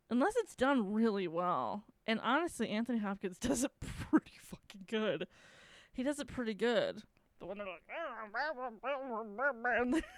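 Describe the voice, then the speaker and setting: Lively-voiced woman gushing on a podcast. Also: mid-range voice, dry recording. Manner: gushing, swears freely, laughs often. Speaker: podcast host. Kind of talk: casual solo podcast chat.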